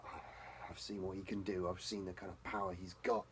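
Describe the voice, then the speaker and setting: A man speaking an in-character role-play journal as a vampire, intense and profane, often dropping to a hushed whisper. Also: low-pitched, little pitch movement, brisk, noisy background. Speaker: tabletop role-player.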